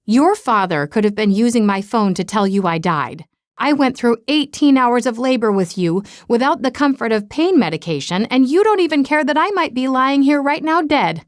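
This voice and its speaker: A woman's voice: fairly high pitch, sing-song, normal speed, no echo, clean studio sound. A woman voicing an overly dramatic middle-aged mother who lays on the guilt. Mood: guilt-tripping.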